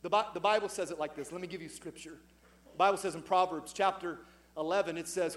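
A middle-aged man preaching a sermon as pastor to his congregation, swelling loud and emphatic on his key points. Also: high-pitched, a little fast. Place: church sanctuary with congregation.

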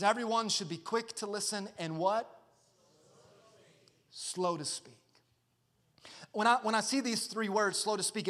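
A man preaching a sermon as pastor, with energetic, punchy delivery that builds in emphasis. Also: high voice. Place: church sanctuary. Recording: long hall reverb.

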